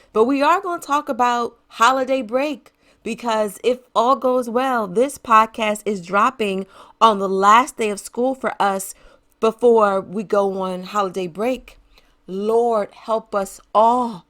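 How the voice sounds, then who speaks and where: A woman's voice: mid-range voice, a bit bright. A middle-aged woman hosting her own podcast, talking casually and encouragingly to parents and laughing often. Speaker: podcast host. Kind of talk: casual solo podcast talk.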